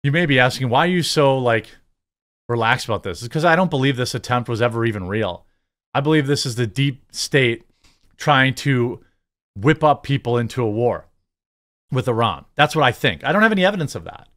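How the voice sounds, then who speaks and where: A man's voice: mid-range voice, lively intonation, fairly quick, a bit bright. A man hosting his own channel, giving sarcastic, rambling political commentary. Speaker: host.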